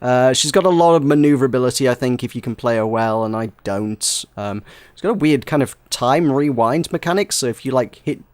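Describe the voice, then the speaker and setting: A man co-hosting a casual podcast chat, telling animated stories with playful acted quotes and frequent laughter. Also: a little fast, no room sound. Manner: animated storytelling, breaks into laughter, high-pitched playful quotes. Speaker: podcast co-host.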